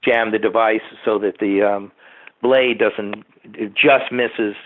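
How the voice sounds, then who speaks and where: A man's voice: on the low side, fairly even intonation, takes it slowly. A man, a TV producer being interviewed, rambling through behind-the-scenes anecdotes with asides to the host. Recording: tinny phone-like line.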